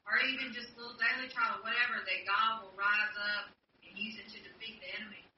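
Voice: mid-range voice, little pitch movement, fast talker, a little hiss or hum. A study group member speaking earnestly and affirming others in a casual Bible study discussion. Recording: roomy, distant, lo-fi.

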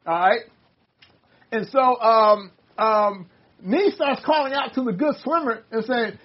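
An older Bible study leader talks casually, stumbling over restarts as they read passages aloud. The voice sounds slightly husky and sits in a mid register. The recording is dull and lo-fi. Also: mid-range voice, slow pace. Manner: rambling, many restarts, reads passages aloud.

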